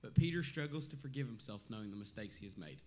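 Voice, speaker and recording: A man giving scripted devotional narration in a steady, reassuring manner. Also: lowish voice, quick pace.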